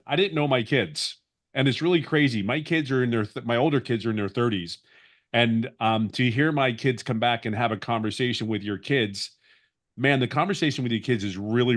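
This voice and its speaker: Earnest man in his fifties. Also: on the low side. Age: 50s. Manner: earnest, rambling, with many restarts. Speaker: webinar guest sharing his story. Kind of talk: personal testimonial on a webinar.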